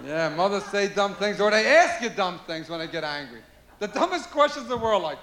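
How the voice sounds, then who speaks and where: A man's voice: high voice, very animated, a little fast, fairly bright tone. A male stand-up comedian performing a routine on a live stage, firing rhetorical questions at the audience. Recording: echoey live venue with crowd noise.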